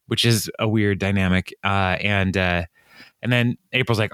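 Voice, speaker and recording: A man co-hosting a podcast, recapping an episode in casual chat, often jumping into a higher voice to act out lines and laughing along. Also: steady tone, moderate pace, fairly bright tone, smooth, dry recording, studio quality. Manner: retells scenes, acting out lines in a raised voice, laughs often. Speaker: podcast co-host.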